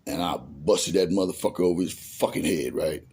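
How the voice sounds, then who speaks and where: A middle-aged man spins a long, profane story in loose street slang. His voice sits low and gravelly, with a husky, raspy edge, and he acts out the lines of people in his tale. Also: normal speed, darkish tone.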